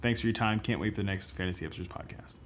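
Male co-host, casual and rambling, slightly low-pitched. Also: quick pace, a little hiss or hum. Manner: rambling, loose, filler-heavy storytelling. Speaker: podcast co-host. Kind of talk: casual chat.

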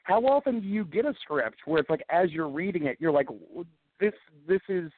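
A man co-hosting a casual interview, who asks questions in a relaxed, agreeing way and stumbles into restarts. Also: fairly high pitch, a little fast, husky. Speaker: podcast co-host interviewer. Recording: tinny phone-like line with faint hiss.

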